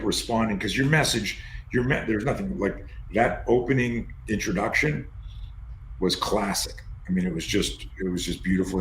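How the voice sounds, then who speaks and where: A male interview host asking long, rambling questions, often restarting them. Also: lowish voice. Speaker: podcast host. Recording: roomy with faint noise.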